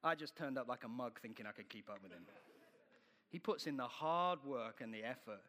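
A man preaching a sermon, telling stories in an animated way and acting out the scenes. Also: medium pitch, fairly quick, in a large hall.

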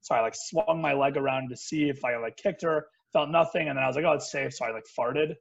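A young man, a podcast guest, telling an anecdote in animated casual chat. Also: mid-range voice, fast talker, gravelly. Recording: dull lo-fi sound.

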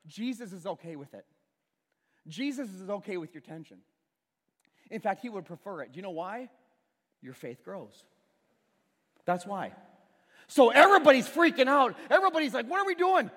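A high-voiced man preaches to a congregation in a church sanctuary, and his pitch swings widely as he acts out the characters in the story. The long reverb of the hall trails after his words. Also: normal speed, long pauses. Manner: animated storytelling, acts out characters and uses a prop. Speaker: pastor. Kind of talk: sermon.

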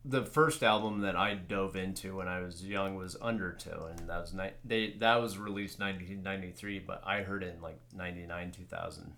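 A man's voice: deep voice, steady tone, fairly quick, vocal fry, hardly any pauses, pushed and bright. A man hosting a podcast, chatting casually in a rambling, filler-heavy way and swearing now and then. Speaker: podcast host. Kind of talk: casual chat.

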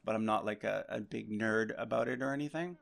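Man, casual podcast guest, very gravelly fry throughout, easygoing, loose delivery with lots of fillers. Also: on the low side, fairly quick. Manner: relaxed, rambling with many fillers. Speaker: podcast guest, history chart maker.

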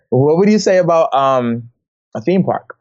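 A man's voice: on the high side, lively intonation, slow pace. A man in casual chat, easygoing and chuckling as he talks about dates. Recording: dull lo-fi sound.

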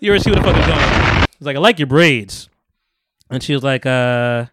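A man's voice: medium pitch, lively intonation, fairly quick, a bit bright, no room sound. A man hosting a podcast, casually retelling film scenes and acting out the quotes with lots of laughter. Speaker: podcast host. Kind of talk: casual chat.

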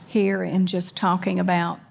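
Her voice lowish and creaky and her delivery flat, a woman preaches, alternating forceful, emphatic passages with brisk asides. She frequently asks the congregation questions.

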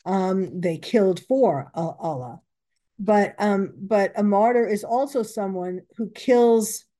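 Woman commentator with a mellow voice. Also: mid-range voice, slow. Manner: reads out quotes, stops to correct herself. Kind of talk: reading out and commenting on news reports.

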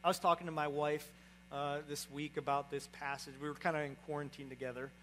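A man's voice: a little high, little pitch movement, fairly quick, fairly bright tone, slight background noise, rough recording. A man in his young adult years preaching a sermon as pastor, speaking conversationally and often checking in with "right?". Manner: conversational, repeats "right?" to the congregation.

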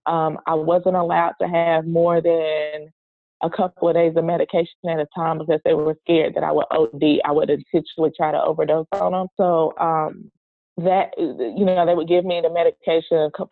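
Woman, personal story, halting, earnest, phone-like tinny sound, dry. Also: sits low, dry recording.

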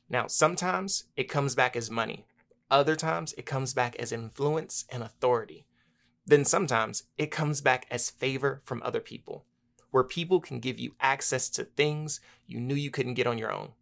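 A man's voice: mid-range voice, creaky, fairly bright tone. A man from Washington, D.C. co-hosting a motivational podcast, building his points in rhythmic lists of parallel phrases. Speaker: podcast co-host. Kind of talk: casual motivational podcast chat.

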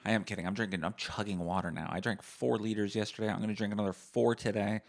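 A man in his thirties hosting a casual solo podcast, sardonic and profane, swinging into loud mock-angry rants. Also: fairly low pitch, a little fast. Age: 30s. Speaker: podcast host.

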